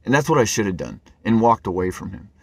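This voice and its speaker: A man's voice: on the low side, very animated, fast, vocal fry, darkish tone, husky, dry recording. A man telling a personal story to camera in an earnest, rambling way, often stumbling and repeating his words. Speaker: vlogger.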